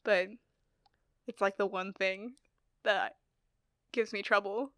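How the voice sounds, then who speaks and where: A woman's voice: medium pitch, fairly even intonation, slow, fairly bright tone, clear, resonant tone, no room sound, clean studio sound. A young woman chatting casually, laughing often and filling her talk with likes and ums. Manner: giggly, chatty, many fillers. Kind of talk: casual chat.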